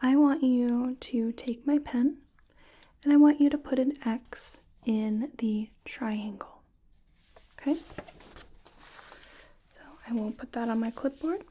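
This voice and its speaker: A woman in a whispered role-play as a clinician, giving gentle, patient step-by-step instructions in a soft, breathy whisper. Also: a little high, fairly even intonation, takes it slowly, long pauses. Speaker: ASMR artist playing a clinician giving cognitive tests.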